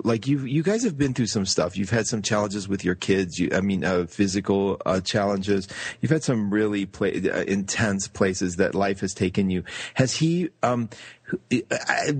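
A man's voice: fairly low pitch, lively intonation, moderate pace, breathy edge, dry recording. A man hosting an interview, asking enthusiastic, rambling questions with many restarts. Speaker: interview host. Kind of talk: casual interview chat.

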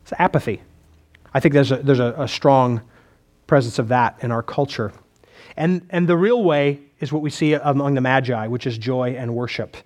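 Medium in pitch and a little mellow, the pastor's voice moves at a moderate pace. His sermon is conversational, with questions to listeners and sentences he often begins again.

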